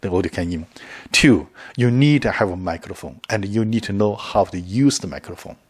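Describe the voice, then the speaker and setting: Man, middle-aged, low husky voice, casual rambling chat, repeats words, chuckles. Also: expressive, fairly quick. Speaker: video creator. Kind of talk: casual talk to camera.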